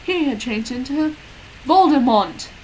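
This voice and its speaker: Brief: woman narrating a fanfic deadpan, slightly high voice, faint hiss. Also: normal speed, poor audio. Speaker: reader. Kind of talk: dramatic comic reading of a fanfic.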